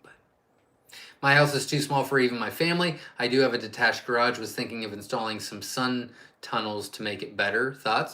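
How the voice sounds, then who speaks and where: A man's voice: mid-range voice, brisk, bright, forceful tone. A man hosting a casual live-stream Q&A as a quail farm owner, chatty and rambling, reading viewer questions aloud and answering off the cuff.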